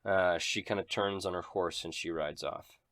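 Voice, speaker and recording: A man's voice: deep voice, steady tone, moderate pace, a bit bright, dry recording, studio quality. A man narrating a tabletop game as game master, with descriptive, dramatic narration.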